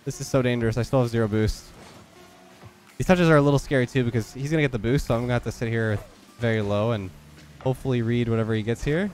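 A young man with a stuffed-up, nasal voice, giving quick, focused play-by-play commentary on his own game. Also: mid-range voice, a little mellow, soft background music. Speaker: gaming YouTuber. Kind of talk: live gameplay commentary.

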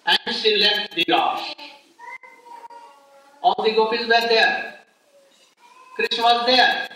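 An older man giving a slow devotional lecture, telling a sacred story with many exclamations. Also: sits high, steady tone, pushed and bright. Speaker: spiritual teacher. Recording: echoey hall from far off.

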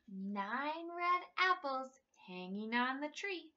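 A woman reading a picture book aloud to children, very animated and slow, with sing-song counting and playful animal sounds. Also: on the high side, dull audio, background noise. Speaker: children's story reader.

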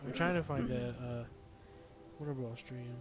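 A man's voice: medium pitch, unhurried, over loud music. A man casually chatting and joking while playing a game with his partner, teasing her playfully. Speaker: co-host of a family let's play. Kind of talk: casual couple gaming chat.

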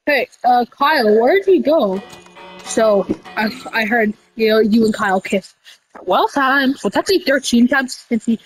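A woman doing casual game role-play over voice chat, rambling with restarts and breaking into sudden high shouts. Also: normal speed, soft background music, low-quality recording. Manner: rambling, with many restarts and y'all. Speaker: roleplayer running a candy store character.

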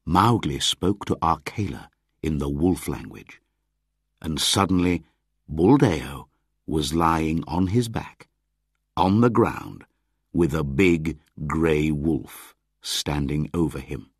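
A man reading a storybook aloud as the narrator, in a measured, deliberate way. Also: extremely low pitch, animated, breathy edge, dry recording, clean studio sound.

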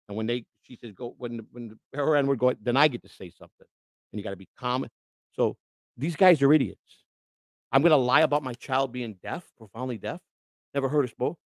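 A middle-aged man holds forth on his livestream in an indignant, rambling rant. He stumbles through restarts and swings from loud outbursts to low mutters, in a mid-pitched voice recorded close and dry. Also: dry recording. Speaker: livestream host. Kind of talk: ranting livestream monologue.

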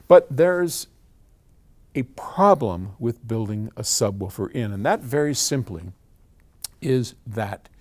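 A man's voice: lowish voice, a little mellow. An older man casually answering a viewer's question, chatty and prone to tangents. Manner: chatty, wanders off on tangents, laughs at himself. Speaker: audio company founder answering viewer questions. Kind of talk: casual chat.

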